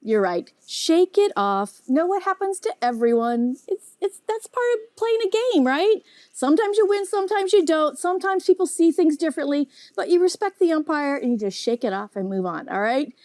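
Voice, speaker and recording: A woman teaching a children's Bible lesson, animated and often asking the kids questions. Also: high-pitched, fairly quick, no room sound.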